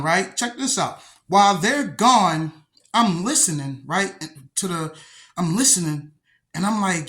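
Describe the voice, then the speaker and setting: A young man casually telling a story from his own life, profane and streetwise, acting out the dialogue as he goes. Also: fairly high pitch. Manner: profane, streetwise, animated retelling with acted-out dialogue.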